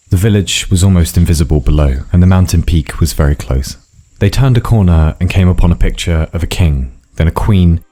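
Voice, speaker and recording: A man's voice: low-pitched, mellow. A man narrating a scripted fantasy story in a wry, dramatic way. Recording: faint background music.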